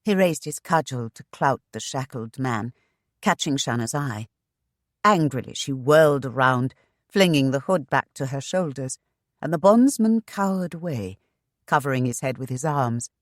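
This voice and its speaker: A woman reading a historical romance novel aloud in measured, expressive narration. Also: low-pitched, no echo, studio quality. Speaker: audiobook narrator. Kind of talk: scripted audiobook narration.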